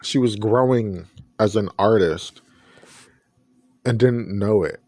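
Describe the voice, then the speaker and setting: A man hosts his own podcast, offering earnest, reflective personal commentary and often restarting his sentences. His voice is lowish and warm, his pace slow, and the recording has no echo.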